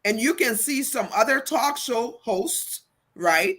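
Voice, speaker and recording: A woman's voice: a little high, animated, slow, a crowd in the background. A woman from Liberia co-hosting a casual talk show, stating her opinions firmly. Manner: firm, opinionated. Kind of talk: casual panel chat.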